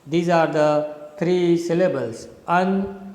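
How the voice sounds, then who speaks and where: A middle-aged man from India lectures very slowly and deliberately, repeating and spelling out words for his students. His voice sits a little high for a man. The room rings with a long, echoing reverb. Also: expressive. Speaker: English literature professor. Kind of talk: recorded lecture.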